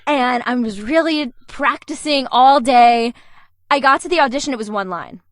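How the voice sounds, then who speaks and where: Young woman voice actor chatting, kinda high voice, laughs a lot, dry close mic. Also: normal speed, dry recording. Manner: chatty, laughs often while telling stories. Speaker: voice actor guest. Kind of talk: casual interview chat.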